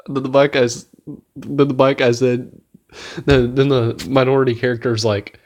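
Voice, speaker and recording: A man's voice: medium pitch, level tone, normal speed, a little mellow. A man giving a casual spoken movie review, rambling and swearing enthusiastically as he retells scenes. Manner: rambling, profane, enthusiastic, laughs at his own retelling.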